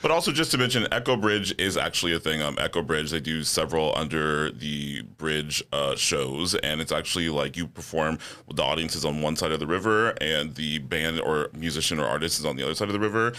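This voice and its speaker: A man, a guest on a podcast, cracking deadpan, playful jokes. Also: rumbling low, a little fast, few pauses. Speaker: guest performer. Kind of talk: casual chat.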